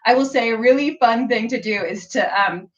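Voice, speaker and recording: A woman's voice: a little high, normal speed, lo-fi sound. Chatty woman giving a live-stream tutorial. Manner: chatty, frequent "like" and "um", bursts of playful sounds. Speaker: sewing pattern designer hosting a live stream.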